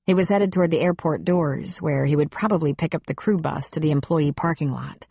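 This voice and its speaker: A woman narrating an audiobook in a steady, wry storytelling manner on a close studio mic. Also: low-pitched, a little fast, creaky, breathy edge, no echo.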